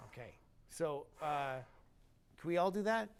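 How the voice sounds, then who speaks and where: A man's voice: on the high side, expressive, measured pace, a little hiss or hum. Man coaching brass players, scatting rhythms. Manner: sings rhythms aloud on syllables to demonstrate phrasing. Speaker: trombone teacher leading a master class. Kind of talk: master class coaching. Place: concert hall stage.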